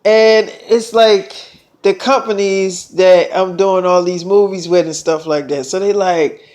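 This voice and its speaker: A man's voice: sits high, steady tone, a little slow, a little mellow. A young man casually rambling through a storytime monologue, retelling conversations loosely. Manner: rambling, loose retelling full of "I'm like" and "she like".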